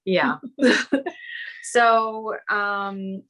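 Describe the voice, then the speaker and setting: A woman co-hosting a podcast, close on a studio microphone. She chats casually in a mid-pitched voice, laid-back and joking. She swears freely as she goes. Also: fairly even intonation, very slow, sharp tone, dull audio. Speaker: podcast co-host. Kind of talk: casual chat.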